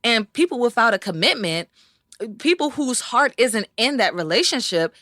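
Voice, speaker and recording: A young woman co-hosting a podcast, telling stories in a casual, animated way and acting out the people she quotes. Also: on the high side, normal speed, dry recording, clean studio sound. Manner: animated storytelling, acts out quoted voices. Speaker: podcast co-host. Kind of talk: casual conversation.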